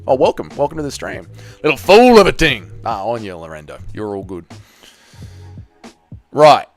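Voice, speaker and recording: A man's voice: medium pitch, big pitch swings, normal speed, faint music behind. A man hosting a live MMA reaction stream, chatting loosely with viewers and swearing freely.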